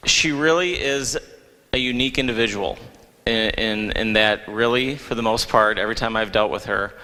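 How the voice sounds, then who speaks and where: A man at a school awards ceremony gives a casual, joking speech, full of ums and little restarts. His voice is bright and forceful, and it rings with the long reverb of a big auditorium. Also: mid-range voice. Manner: joking, hesitant with many ums. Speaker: theater director presenting awards. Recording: long reverb of a large hall.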